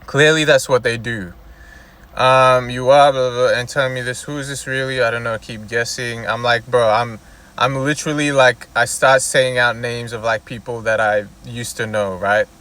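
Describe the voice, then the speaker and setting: A man's voice: medium pitch, steady tone, moderate pace, a bit bright, clear, resonant tone. A man vlogging from inside a car, ranting in a loose, profane, rambling way, full of "you know" and "like". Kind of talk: casual ranting monologue.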